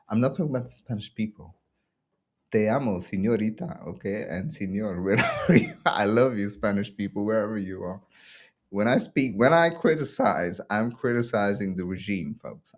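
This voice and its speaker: Man, deeper voice, sarcastic rant, frequent laughter, podcast host. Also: normal speed. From Belgium. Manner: ranting, sarcastic, laughs often. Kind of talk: casual opinion commentary.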